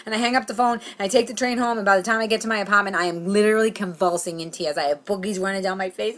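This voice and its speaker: A young woman telling a comic story in a vlog, animated and self-mocking, acting out her own thoughts. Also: mid-range voice, fast, hardly any pauses. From Boston, Massachusetts. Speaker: comedian.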